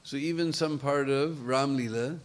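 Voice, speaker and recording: A man telling a devotional story in an animated way, with chatty asides to his listeners. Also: mid-range voice, moderate pace.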